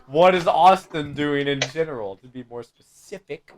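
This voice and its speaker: A man's voice: fairly high pitch, normal speed, background noise. A young man hosting a casual podcast with friends, rambling and giggly as he jokes around. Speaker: podcast host. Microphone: desk mic on a voice call.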